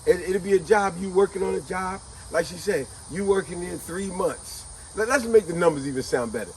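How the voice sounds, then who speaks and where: A man hosting a casual chat, telling a story in an animated, conversational way. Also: sits high, a little fast, a little hiss or hum, rough recording. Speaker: host.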